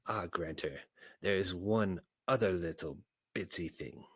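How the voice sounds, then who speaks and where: A man voicing a sly, scheming old creature advisor with a raspy, fawning way of talking, in a storybook reading. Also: low voice, measured pace, no room sound, full character voice. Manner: wheedling, fawning flattery.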